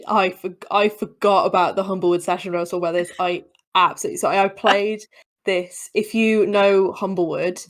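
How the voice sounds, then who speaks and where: A woman guest in a casual podcast chat, rambling and self-deprecating with many restarts. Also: fairly low pitch.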